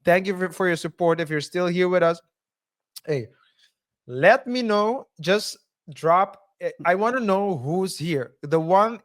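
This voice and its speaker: A man co-hosting a casual commentary podcast, speaking haltingly, restarting sentences and chuckling often. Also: a little high. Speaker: podcast co-host.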